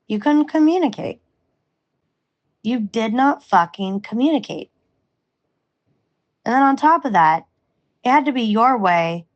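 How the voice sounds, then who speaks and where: A young woman speaking straight to an ex in a candid monologue, blunt and emotional, swearing freely. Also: mid-range voice. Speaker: vlogger.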